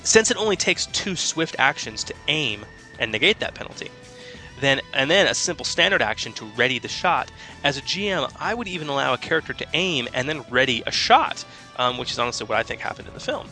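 A man co-hosting a tabletop gaming podcast, explaining rules in a chatty, rambling way full of fillers. His voice is bright and forward, with faint music under it. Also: mid-range voice, sing-song, brisk. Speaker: podcast co-host and game master. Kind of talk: casual gaming podcast chat.

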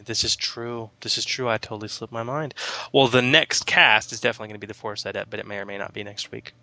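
A man's voice: on the low side, fairly even intonation, fast talker, pushed and bright, dry recording. A man co-hosting a tabletop gaming podcast, chatty and explanatory as he walks through rules. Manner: chatty and explanatory, lots of fillers. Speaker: podcast co-host and game master. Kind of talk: casual gaming podcast chat.

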